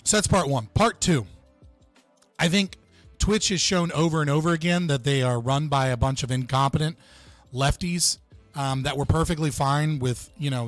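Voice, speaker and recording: Young man, livestream host, casual and profane, slightly high voice, dry sound, faint music behind. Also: dry recording. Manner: casual, profane, chatting with his viewers.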